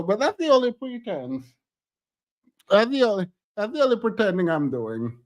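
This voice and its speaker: A man reacts to a show in a sassy, emphatic way, laughing often. His voice sits high and swings widely in pitch, so every point lands big. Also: sing-song, moderate pace. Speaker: streamer reacting to a reality show. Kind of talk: casual reaction commentary.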